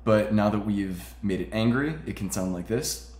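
Low-ish guy walking through a coding tutorial, relaxed, lots of uh's, echoey room. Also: normal speed. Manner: relaxed explaining with frequent "uh" and "all right". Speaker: tutorial host. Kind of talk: casual screen-recorded tech tutorial.

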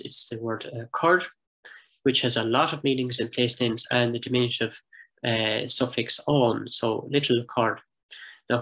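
Male presenter, mid-pitch, measured and thoughtful, pauses often while walking through slides. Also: a bit bright, low-quality recording. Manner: thoughtful, measured, with frequent hesitations. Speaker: project coordinator giving a heritage talk. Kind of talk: explanatory talk over slides and maps.

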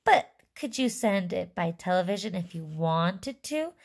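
A woman voicing a bratty, television-obsessed young boy who shouts eagerly in a read-aloud storybook. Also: on the low side, lively intonation, unhurried, gravelly, heavily acted. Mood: eager questioning.

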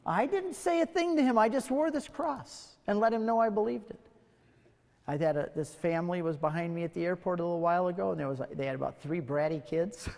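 Male speaker, evangelistic lecture; animated, emphatic storyteller; higher voice; reverberant lecture hall. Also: fairly quick, vocal fry. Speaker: guest speaker. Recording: long reverb in a large hall.

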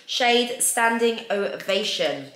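A woman's voice: fairly high pitch, animated, takes it slowly, fairly bright tone. A woman in her thirties hosting a casual beauty unboxing, chatty and gushing over each product. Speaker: beauty vlogger host. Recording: echoey room with faint noise.

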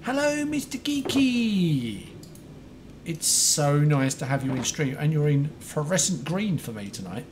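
An excitable, chatty man livestreaming a game, greeting viewers by name. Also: fairly high pitch, normal speed, few pauses, noisy background. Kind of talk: casual live-stream chat. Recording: faint music behind.

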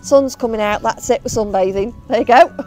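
A woman's voice: fairly high pitch, brisk, darkish tone, soft background music. A woman, a bird of prey handler, chatting casually and affectionately while filming outdoors. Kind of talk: casual video update.

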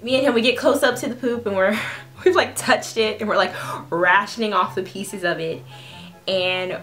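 A woman's voice: medium pitch, normal speed, soft background music. Chatty young woman telling a story. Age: 20s. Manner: chatty, animated, laughs while telling. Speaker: food vlogger telling a story. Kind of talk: casual storytime vlog.

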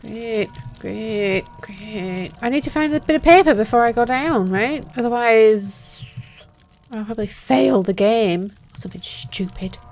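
A woman's voice: on the high side, measured pace, a little mellow, soft background music. A woman giving foul-mouthed, joking commentary while playing a horror game. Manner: profane, jumpy and joking. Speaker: let's play gamer.

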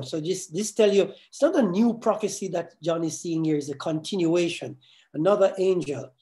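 Mellow-voiced pastor teaching a sermon. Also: male voice, sits high. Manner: repeats words and asks "right?" often, slows to stress key phrases.

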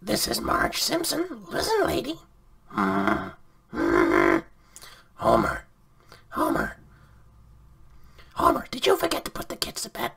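A man voicing a fretful, gravelly-voiced cartoon mom in a high, raspy impression. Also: huge pitch swings, slow, long pauses, fairly bright tone, heavily acted.

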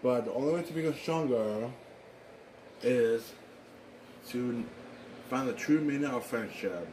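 A man improvising a fan drama, talking in a rambling, halting way with excitable exclamations. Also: medium pitch, background noise. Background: music.

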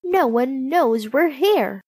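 A woman's voice: sits high, lively intonation, slow, darkish tone, slightly rough, dry recording, voice pushed up, heavily acted. A woman voicing a group of earnest, protective dwarfs in a storybook reading. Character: kindly, worried band of dwarfs.

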